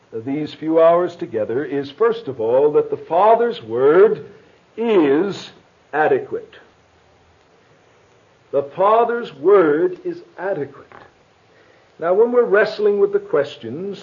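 A middle-aged man preaches in an earnest manner, his voice sitting fairly high for a man. He rises to emphatic bursts as he presses his points. The recording is muffled and lo-fi. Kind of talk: sermon.

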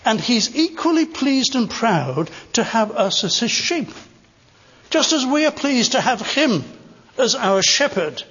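An older man delivers a sermon in a high, husky voice, leaning hard into repeated phrases. The sound is dull and muffled, with a long reverb trailing through a large hall. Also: big pitch swings, a little slow, a bit bright. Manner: earnest, rising to emphatic stresses on repeated phrases. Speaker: preacher.

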